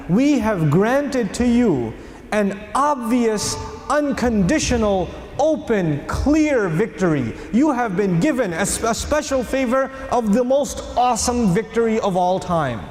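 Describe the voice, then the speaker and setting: A man giving an animated religious lecture. He asks the audience questions and acts out quotes as he tells a story. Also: high voice, echoey room, in a large hall.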